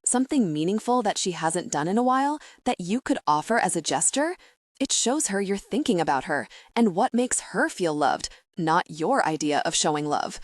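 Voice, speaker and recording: A woman voicing a calm, diplomatic young adult brother who explains things gently in an audiobook. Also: fairly low pitch, moderate pace.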